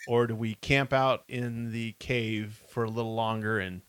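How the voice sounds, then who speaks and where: A man reads a choose-your-path story aloud on a casual live stream, pausing to ask viewers what to do. His voice sits at an ordinary pitch. The sound is dry and close. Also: level tone, a bit bright, clean tone, no room sound. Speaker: co-host reading aloud.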